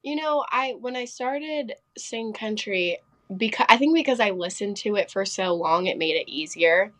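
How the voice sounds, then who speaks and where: A young woman from Pennsylvania, a singer guesting on a podcast, telling stories in a quick, chatty way full of fillers. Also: medium pitch, lively intonation, fairly bright tone. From Pennsylvania, United States. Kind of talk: casual interview chat.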